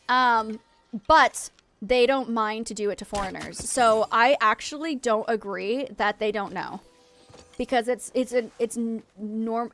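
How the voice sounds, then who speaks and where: A woman's voice: fairly high pitch, a bit bright. Chatty woman streamer. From United States. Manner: chatty, frank, quick to vent. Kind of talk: casual chat with viewers.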